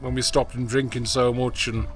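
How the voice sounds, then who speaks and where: A man's voice: mid-range voice, little pitch movement, normal speed. An older man from England, a former soldier, chatting casually and bluntly in a garden, swearing freely. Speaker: vlogger, ex-soldier. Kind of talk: casual chat. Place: garden, outdoors. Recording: faint music in the background.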